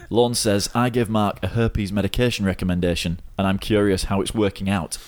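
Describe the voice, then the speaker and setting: A man's voice: fairly low pitch, flat delivery, normal speed. A man co-hosting a podcast, giggling and teasing as he reads out listener questions in casual banter. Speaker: podcast co-host.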